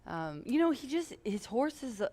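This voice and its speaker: A woman's voice: fairly high pitch, sing-song, measured pace, warm tone. A woman co-hosting a horse racing show, talking in a bubbly, chatty way about races and contests. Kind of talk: casual horse racing chat.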